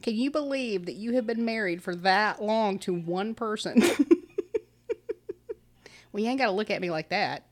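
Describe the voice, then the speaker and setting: A married woman, co-hosting a casual podcast. She teases and laughs easily. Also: medium pitch. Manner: teasing, quick to laugh. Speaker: podcast co-host. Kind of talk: casual chat.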